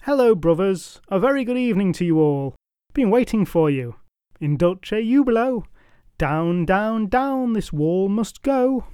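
A man's voice: sits high, animated, unhurried, dark tone, clean tone, no room sound, studio quality, pitched above the performer's own voice. A man voicing a jolly, tipsy male monk who sings merrily. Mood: merry. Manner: sing-song, merry.

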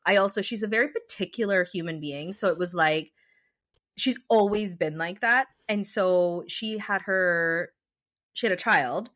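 A young adult woman co-hosting a podcast, telling a personal story in a chatty, animated way with lots of fillers. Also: medium pitch, measured pace. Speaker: podcast co-host. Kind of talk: casual chat.

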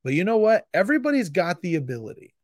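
A man's voice: high-pitched, very animated, fast talker, a little mellow, no echo, clean studio sound. A man hosting a solo podcast, answering a listener with intense, emphatic tough love that comes across as a bit frustrated. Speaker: podcast host. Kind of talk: solo podcast pep talk.

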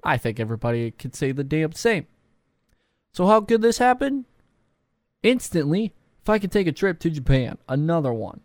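A man's voice: a little high, big pitch swings, normal speed, no echo, studio quality. A young man vlogging casually, rambling and self-deprecating with lots of fillers. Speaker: YouTuber. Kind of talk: casual vlog talk.

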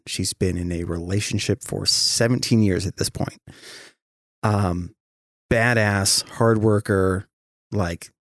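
A man's voice: lowish voice, no echo, studio quality. A man hosting a podcast, talking casually and animatedly, with frequent swearing. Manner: profane, animated storytelling. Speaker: podcast host. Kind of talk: casual chat.

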